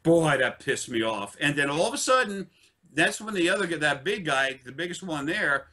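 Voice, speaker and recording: A man telling a long personal story in casual speech, halting often with fillers and restarts and swearing bluntly. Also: fairly high pitch, animated, bright, forceful tone. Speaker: interviewee.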